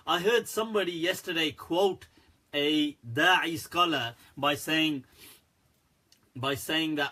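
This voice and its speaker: Laughing frequently, a male Islamic scholar fields viewers' questions during a live stream with a candid, animated manner. His voice is on the high side and his pace slow.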